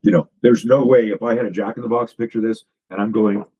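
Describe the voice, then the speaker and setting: A man's voice: fairly low pitch, fairly even intonation, quick pace, husky, highs cut off. A man, a self-defense coach, talking as a guest in a casual podcast conversation, emphatic and profane, piling up stories and restarting sentences.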